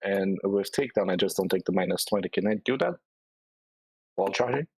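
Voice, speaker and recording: A man's voice: deep voice, brisk, husky, dry recording, low-quality recording. A man playing a tabletop game, checking the rules with questions. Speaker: player. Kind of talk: casual tabletop game chat.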